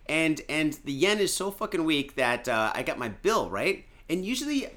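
A Michigan man hosts a podcast, day drinking while he chats loosely, jokes around, swears a lot, and fills his talk with fillers. His voice sits on the high side, with a bright, forceful tone, in casual rambling conversation.

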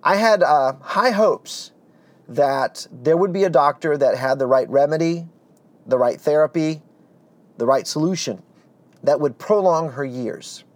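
A man telling his life story as a testimony, earnest and animated, dropping to a hush at heavy moments. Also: on the high side, unhurried, no room sound. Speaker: speaker giving a personal testimony.

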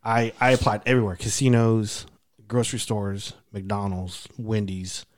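A man's voice: on the low side, little pitch movement, moderate pace. A man telling stories in a casual podcast chat, rambling, with many restarts and fillers.

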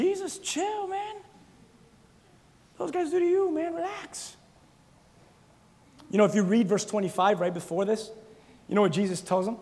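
A man preaching a sermon to his church, animated and joking, shouting words for emphasis. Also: very high-pitched. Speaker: pastor. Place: church sanctuary. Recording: long reverb of a church hall.

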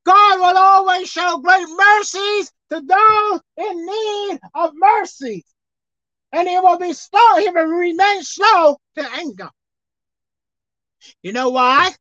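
Woman pastor, high expressive sermon voice, soft to shouting, dull dry recording. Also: slow pace, no room sound. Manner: preaching with dramatic swings from soft to shouted.

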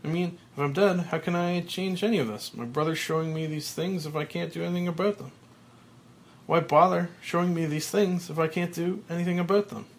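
A man voicing a panicked, manic middle-aged TV executive who shouts in a shrill voice. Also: moderate pace, natural voice.

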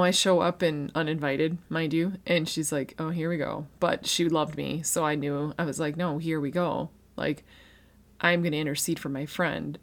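Low-voiced woman giving a heartfelt testimony. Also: gravelly. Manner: earnest, conversational, full of restarts and fillers. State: emotional, near tears. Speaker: speaker sharing a faith testimony. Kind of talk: personal faith testimony.

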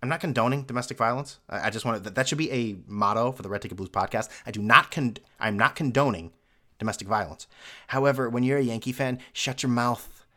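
A man's voice: mid-range voice, fast, a bit bright. A young man hosting a solo sports podcast, ranting in a sarcastic, mocking way. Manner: sarcastic, mocking, with mimicked fan voices. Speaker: podcast host.

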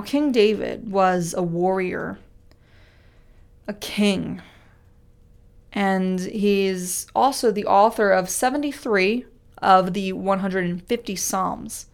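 A woman giving a devotional Bible teaching, earnest and conversational, who repeats key phrases for emphasis and reads scripture slowly and weightily. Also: medium pitch, vocal fry. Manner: reads scripture aloud with slow, weighty delivery. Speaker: speaker teaching a Bible study.

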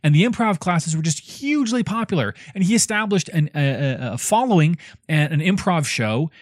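Lively, rambling male podcast host. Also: on the high side, moderate pace, dry recording, clean studio sound. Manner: animated, rambling with fillers and restarts. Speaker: podcast co-host reviewing a book. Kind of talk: casual chat.

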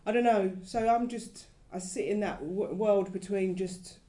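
A woman's voice: mid-range voice, unhurried. A woman co-hosting a casual conversation, speaking in loose, trailing fragments and lifting her voice when she quotes people. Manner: talks in loose, trailing fragments, animated when quoting others.

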